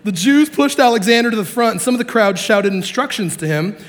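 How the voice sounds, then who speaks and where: A man preaching a sermon to a congregation, animated and joking, acting out the characters in the story. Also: high voice, fairly quick. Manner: animated, acts out quotes, jokes with the congregation. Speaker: pastor.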